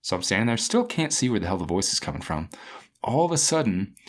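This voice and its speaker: Man, low voice, animated casual storytelling, podcast guest. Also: fast talker. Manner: animated, acts out the people in his stories.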